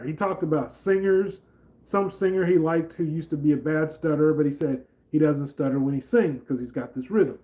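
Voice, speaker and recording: A man's voice: a little high, moderate pace, darkish tone, poor audio. A man hosting a casual political commentary vlog, talking in a rambling, conversational way with lots of fillers. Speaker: channel host.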